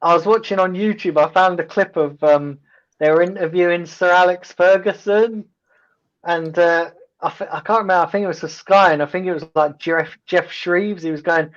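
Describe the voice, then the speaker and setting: A man hosting a casual football watch-along, telling stories in a rambling, halting way with many ums and restarts. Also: high voice, fairly even intonation, a bit bright, muffled recording. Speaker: host.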